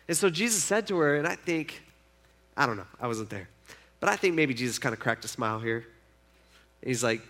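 A man's voice: mid-range voice, animated, fairly quick, long pauses, a bit bright. A man preaching, retelling a Bible story in a casual, chatty way and acting out the characters' lines.

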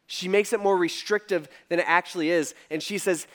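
A male pastor preaching a conversational sermon, animated and swinging between soft and loud. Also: high voice, fairly quick.

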